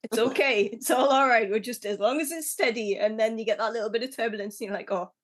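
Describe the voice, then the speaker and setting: A woman's voice: fairly high pitch, fast. Chatty, laughing female podcast host. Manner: chatty, laughs often, tells stories with quoted voices. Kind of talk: casual interview chat.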